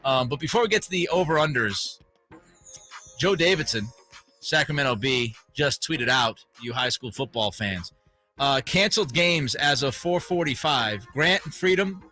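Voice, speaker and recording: A man hosting sports radio with a bright, slightly raised voice. He keeps the segment moving in a loose, joking way. A faint music bed plays under him. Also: a little high. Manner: laughs often, runs the segment. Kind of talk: casual sports talk.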